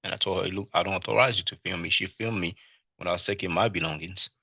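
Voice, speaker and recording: A man's voice: low voice, fast, husky, no echo, highs cut off. A man hosting a livestream, rambling through a personal story in casual talk, full of fillers and restarts. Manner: rambling, animated retelling with many fillers and restarts. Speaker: livestream host.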